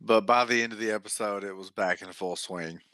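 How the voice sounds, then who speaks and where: A man's voice: fairly low pitch, steady tone, fairly quick, sharp tone, no room sound. A man co-hosting a podcast, making wry, chatty comments in casual conversation. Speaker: podcast co-host. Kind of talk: casual chat.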